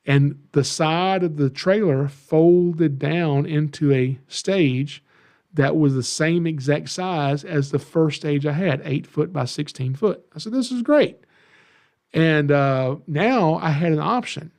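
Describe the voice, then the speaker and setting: Gravelly Southern man telling stories. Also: a little high, slow pace, darkish tone. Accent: Southern US (Georgia). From Georgia, USA. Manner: folksy, self-deprecating, repeats phrases. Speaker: podcast host, snake educator. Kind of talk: casual storytelling monologue.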